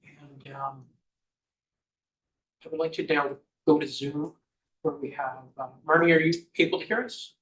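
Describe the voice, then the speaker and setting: A man with a slightly high voice chairs a committee meeting. He welcomes members and moves through the agenda in a procedural way. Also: fairly even intonation, unhurried, long pauses, fairly bright tone, low-quality recording.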